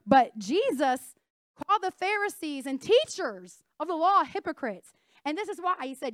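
A woman's voice: high-pitched, sing-song, moderate pace, no echo, clean studio sound. A young adult woman preaching a sermon, emphatic, asking her congregation questions and having them answer back.

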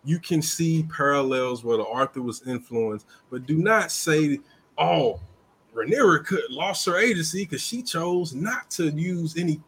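A man co-hosting a casual chat, talking in an animated, emphatic way and jumping up in pitch to stress his points. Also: unhurried, a little hiss or hum.

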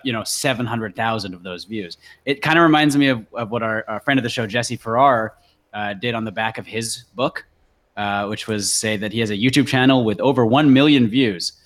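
A man's voice: mid-range voice, a bit bright. Rambling, chuckling Canadian man. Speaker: podcast co-host. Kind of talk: casual podcast chat.

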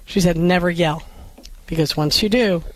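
A woman's voice: fairly low pitch, normal speed, no room sound. Radio co-host, woman, empathetic storyteller, dry studio voice. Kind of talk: call-in radio talk.

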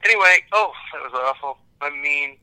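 An American man from Kansas, an actor, chatting casually in an interview in a rambling, animated, self-deprecating way. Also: on the high side, moderate pace, clean tone, rough recording. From Kansas, United States. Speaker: actor guest.

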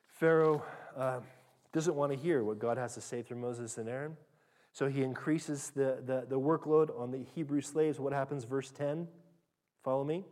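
A man preaching a sermon as pastor, rising loud and high when reading scripture and dropping soft and low when he applies it. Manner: dynamic preaching, pitch and volume rising sharply when reading scripture aloud.

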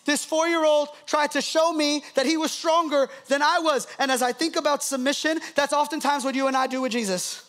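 A man, a pastor, preaching with animated, laughing storytelling. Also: extremely high pitch, a little fast, few pauses. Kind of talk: sermon.

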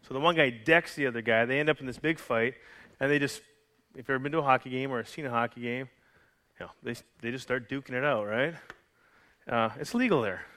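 A man's voice: medium pitch, brisk, bright, forceful tone. A man preaching a sermon as pastor, telling a story in a conversational way with frequent restarts and jokes for the congregation. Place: church.

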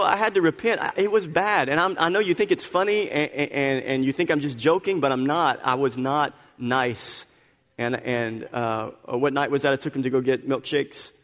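Male pastor in his thirties, somewhat high voice, lively confessional preaching, long hall reverb. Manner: animated storytelling, swings from quiet confession to loud exclamation. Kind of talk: sermon with personal story. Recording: echoey hall.

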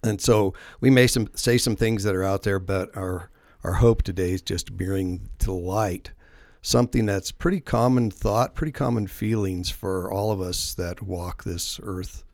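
A man's voice: deep voice, unhurried, hardly any pauses, a little mellow, no echo, studio quality. A man hosting a casual faith-based podcast, telling rambling, self-deprecating stories. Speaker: podcast host.

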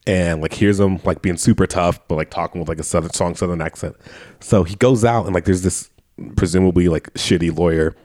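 A man with a somewhat low voice chats through a film's plot on a podcast. He laughs often as he retells scenes, swearing freely in a loose, casual way. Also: a little fast, a little mellow. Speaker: podcast co-host. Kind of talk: casual movie-review chat.

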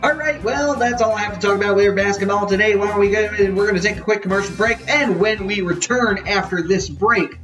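A man's voice: sits high, fairly quick, few pauses, far from the mic, over music, low-quality recording. A man hosting a casual sports podcast, jokey and rambling, often correcting himself. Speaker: podcast host.

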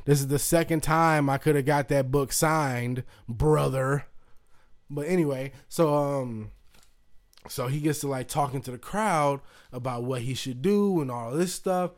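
A man's voice: mid-range voice, unhurried. A man hosting a podcast, telling a casual story loosely with lots of fillers and swearing, acting out other people's voices. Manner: loose, profane, full of fillers, acts out voices. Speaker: podcast host.

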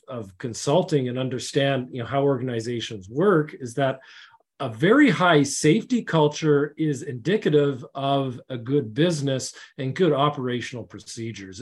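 A man's voice: mid-range voice, darkish tone, slightly rough. A middle-aged man, a safety consultant, earnestly telling a story in casual conversation, with many restarts and fillers.

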